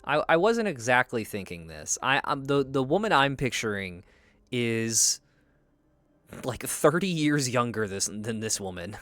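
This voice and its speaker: A man's voice: medium pitch, very animated, unhurried, a bit bright, no echo. A young man chatting casually as a streamer while he plays a game, rambling and swearing freely. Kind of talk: casual gameplay commentary.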